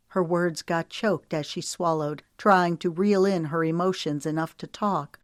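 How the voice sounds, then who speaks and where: An audiobook narrator, a woman, reads a romance in scripted narration. Her voice is low and slow with fairly even intonation, captured in a dry, studio-quality recording.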